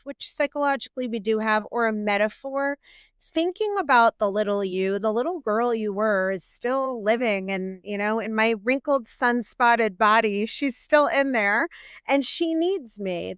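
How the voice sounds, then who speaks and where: Female therapist, middle-aged, earnest interview guest; clear resonant voice, dead-dry sound. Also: medium pitch, no echo. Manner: warm, earnest explaining with quoted self-talk. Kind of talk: interview conversation.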